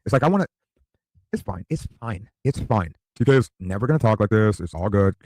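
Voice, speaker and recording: Streamer man in his 50s, profane rambling rant, husky, fast and swooping. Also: on the low side, lively intonation, a little mellow, dry recording. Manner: profane, rambling, repeats "dude". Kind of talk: crude ranting monologue.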